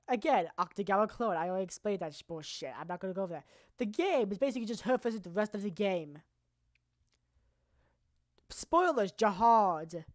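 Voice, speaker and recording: A woman streamer presenting anime awards in casual, rambling, profane commentary that now and then bursts into loud shouting. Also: lowish voice, no echo, studio quality.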